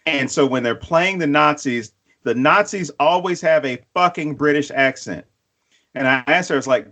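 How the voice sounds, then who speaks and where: A man in the middle of his range, co-hosting a podcast with animated, profanity-laced storytelling. He often slips into other voices for quotes, then drops his pitch low for punchlines. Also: normal speed. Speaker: podcast co-host. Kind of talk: casual chat.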